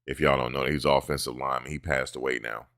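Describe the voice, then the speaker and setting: A man hosting casual sports talk, animated and profane, who mimics players' bland interview answers. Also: extremely low pitch, fast talker, gravelly, no room sound, studio quality. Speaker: sports commentary host.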